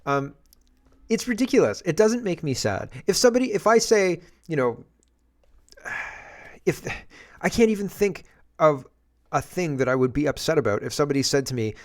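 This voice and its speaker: A man's voice: on the high side, expressive, normal speed. A man hosting casual political commentary, sarcastic and exasperated, rambling through asides as he reacts to clips. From England.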